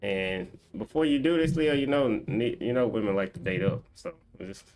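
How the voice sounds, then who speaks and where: Animated man chatting on a game stream. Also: mid-range voice, normal speed, a little hiss or hum. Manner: animated, reads viewer comments aloud and banters. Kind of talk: casual live-stream chat.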